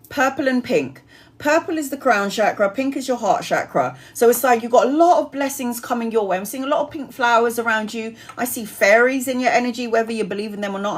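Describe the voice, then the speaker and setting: A woman, giving a live-stream tarot reading in a chatty, blunt way and laughing often. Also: on the high side. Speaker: tarot reader.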